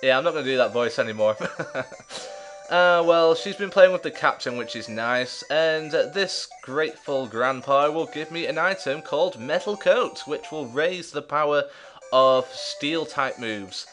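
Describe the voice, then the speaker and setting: A man's voice: fairly high pitch, expressive, a little slow, a bit bright, soft background music. A man hosting a let's play, giving casual gameplay commentary with chatty, jokey, self-mocking asides.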